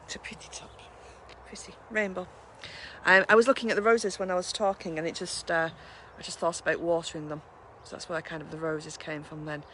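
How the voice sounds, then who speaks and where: A woman's voice: on the low side, fairly even intonation, fairly quick, a bit bright, slight background noise. A woman hosting a mindfulness session, chatting casually after a guided meditation and laughing often at herself.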